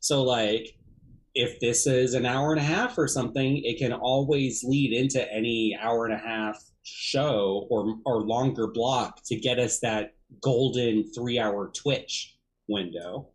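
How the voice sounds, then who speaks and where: A man's voice: mid-range voice, measured pace. A man co-hosting a livestream, chatting casually about ideas for a new show with loose fillers and laughs. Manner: relaxed, musing, with fillers and laughs. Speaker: comedy theater co-host. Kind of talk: casual planning chat on a livestream.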